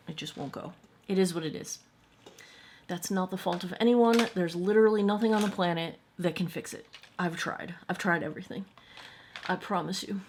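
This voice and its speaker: A woman's voice: on the low side, fairly bright tone. A woman hosting a makeup tutorial, talking casually through each step and checking in with viewers. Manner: chatty, explains and checks in with viewers.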